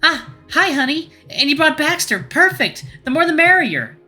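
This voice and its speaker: A man voicing a cheerful, excitable middle-aged mother in a visual novel read-aloud, talking in a gushing, sing-songy way. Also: high-pitched, brisk, soft background music, voice pushed up, exaggerated voice.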